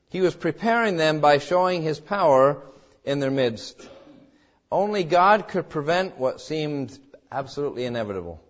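A man preaching a sermon as pastor, swinging between calm teaching and dramatic, acted-out quoted cries. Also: a little high, muffled recording. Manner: preaching with dramatic rises, voicing quoted cries and God's words.

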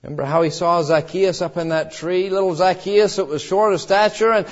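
High-voiced earnest male preacher. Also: fairly even intonation, fairly quick. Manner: earnest, swelling with fervor at the appeals. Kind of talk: sermon retelling a Bible story. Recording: dull lo-fi recording.

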